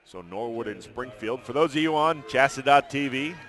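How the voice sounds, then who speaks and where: Man, play-by-play announcer, bright clear voice, brisk basketball commentary, faint noise behind. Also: mid-range voice. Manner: brisk play-by-play, chatty asides. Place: arena broadcast booth.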